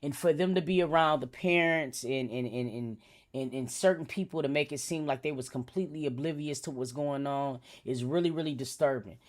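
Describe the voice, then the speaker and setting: Brief: male streamer, slangy, profane, animated case commentary. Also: fairly high pitch, fairly quick. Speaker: livestream host. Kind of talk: casual commentary on a news case.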